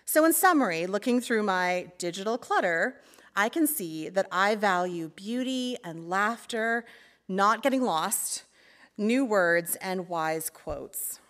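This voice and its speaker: A woman's voice: medium pitch, animated, slow pace, fairly bright tone. A woman community life pastor giving a reflective sermon talk in church, playful and laughing at times, then earnest.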